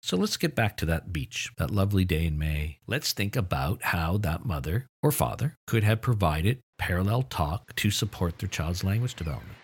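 A man's voice: deep voice, big pitch swings, normal speed, hardly any pauses, breathy edge. A man presenting an instructional lesson on child language, explaining in an enthusiastic manner.

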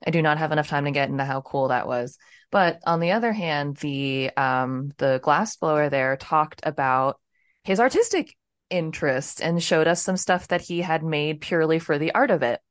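A woman's voice: deep voice, moderate pace. A woman hosting a casual podcast interview, chatting in a rambling way full of fillers. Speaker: podcast host.

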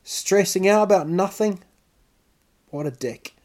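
Slow-talking self-mocking male comedian. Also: high voice. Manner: animated, self-mocking, acts out sounds and voices. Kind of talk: storytelling comedy monologue. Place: lives in Stockholm.

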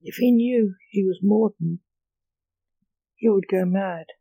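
A storyteller reading the lines of a reluctant, evasive grandson, in a slow, mellow voice. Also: mid-range voice, dry recording, low-quality recording.

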